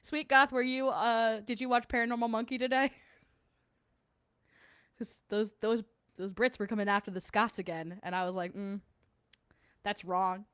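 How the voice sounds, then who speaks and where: A woman's voice: fairly high pitch, fairly even intonation, moderate pace, pauses often, a bit bright, clean tone, no room sound, studio quality. A young woman from New Jersey with a New Jersey accent, hosting a casual livestream and answering chat, chatty and laughing often. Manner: chatty, laughs often, mimics others mid-story. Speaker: podcast host reading live chat.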